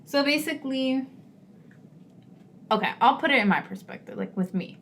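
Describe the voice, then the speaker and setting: A woman's voice: high voice, expressive, moderate pace, fairly bright tone, slight background noise. Frank, chatty young woman on a podcast. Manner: frank, chatty, laughs often. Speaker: podcast co-host. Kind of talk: casual chat.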